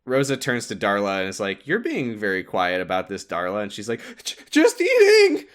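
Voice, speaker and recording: Animated man recapping scenes in voices. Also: on the low side, fairly quick, clean tone. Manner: animated, acts out characters in funny voices while retelling scenes. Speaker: podcast co-host. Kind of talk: casual recap chat.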